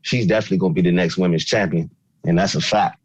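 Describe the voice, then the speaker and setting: A man's voice: deep voice, fairly even intonation, fast talker, darkish tone, breathy edge, no echo, highs cut off. A man co-hosting a wrestling podcast in laid-back, slangy casual chat that rambles. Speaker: podcast co-host.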